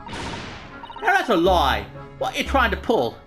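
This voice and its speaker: A man's voice: huge pitch swings, slow pace, fairly bright tone, faint music behind, heavily acted. A man voicing a cheeky seventeen-year-old street girl and pickpocket in a video game, with a brash, mouthy way of talking. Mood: defiant. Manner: brash and mouthy, high-pitched.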